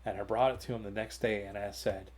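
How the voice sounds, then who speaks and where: A man's voice: on the low side, steady tone, fast, a little hiss or hum. A man telling a long, rambling anecdote on a gaming talk show, full of fillers and restarts, recorded at home in his hobby room.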